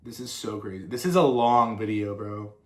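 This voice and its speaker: A man's voice: fairly low pitch, normal speed, darkish tone. A young man, a musician and content creator, answering fan questions in a casual chat, rambling with plenty of swearing and tangents. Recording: roomy echo.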